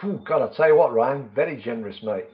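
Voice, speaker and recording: A man's voice: mid-range voice, expressive, fast, highs cut off. A man hosts a vaping channel live stream, chatting with viewers and reading their comments out in a friendly way.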